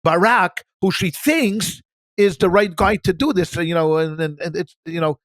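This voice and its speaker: A man's voice: high voice, steady tone, normal speed, a bit bright, no echo, clean studio sound. A man, a rabbi, talking animatedly in a casual Bible discussion and often repeating words as he searches for the next one.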